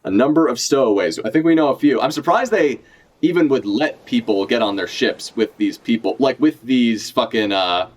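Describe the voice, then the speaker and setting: Man, live reaction streamer, casual and profane, animated, mid pitch. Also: moderate pace. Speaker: streamer reacting to a manga chapter.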